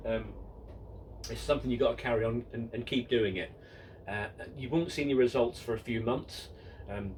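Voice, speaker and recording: A man's voice: mid-range voice, darkish tone, far from the mic, a little hiss or hum, low-quality recording. Jokey man in his fifties. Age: 50s. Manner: jokey and self-mocking, many ums and restarts. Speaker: model railway channel host. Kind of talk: casual Q and A, reading out viewer questions.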